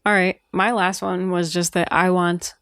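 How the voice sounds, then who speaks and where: A woman's voice: fairly low pitch, level tone, a little slow, a bit bright, no echo, clean studio sound. A woman co-hosting an education podcast, thinking aloud in a casual, reflective conversation. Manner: thoughtful, wondering aloud. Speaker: podcast co-host.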